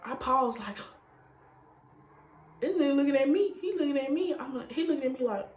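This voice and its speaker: A woman telling a casual story to her viewers, animated and laughing, repeating phrases for effect. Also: high-pitched, normal speed, echoey room. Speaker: storytime vlogger.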